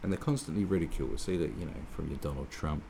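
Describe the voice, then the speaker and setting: Gravelly, sweary man ranting. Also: a bass voice, fast, warm tone, slight background noise. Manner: sweary, sarcastic, rambling with many restarts. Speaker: political commentator. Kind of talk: ranting monologue.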